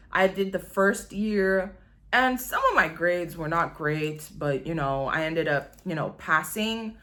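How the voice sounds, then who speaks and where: A woman's voice: fairly low pitch, a bit bright. A woman, telling her own story in a candid, rambling vlog, swearing freely and filling her talk with "like". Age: 20s. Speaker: vlogger. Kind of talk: casual confessional storytelling.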